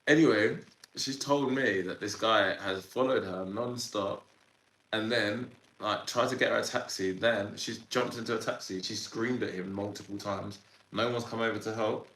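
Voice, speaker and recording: A man in his thirties tells a story as a podcast guest, animated and slangy with lots of fillers. His voice sits on the low side. The room around him has a noticeable echo. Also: moderate pace. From Sudan, raised in Ireland. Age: 30s. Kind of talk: casual storytelling interview.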